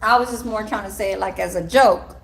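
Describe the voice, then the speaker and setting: A woman who works at a care home, telling a casual, animated story. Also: mid-range voice, brisk, creaky. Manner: gossipy, animated, swears and laughs while telling.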